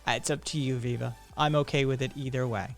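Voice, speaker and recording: A man's voice: mid-range voice, fairly even intonation, quick pace, faint music behind. A man hosting a live stream, chatting casually, reading viewer comments aloud, blunt and profane with sarcastic laughs.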